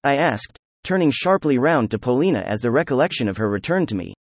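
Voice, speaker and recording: A man narrating a novel chapter as an audiobook, in a steady, even-paced read. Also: medium pitch, brisk, dry recording. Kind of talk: scripted narration.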